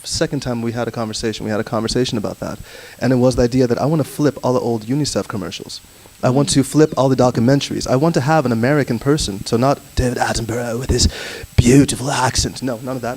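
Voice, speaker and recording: A man speaking as a panelist in a live seminar discussion, animated and quick to act out short voices while he makes his points. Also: medium pitch, rough recording.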